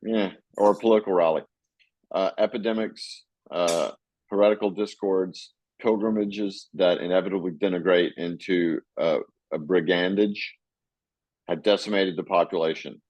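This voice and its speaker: A man co-hosting a casual book chat, reading passages aloud and thinking out loud with many fillers and restarts. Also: deep voice, fairly even intonation, moderate pace, dry recording, rough recording. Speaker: podcast co-host.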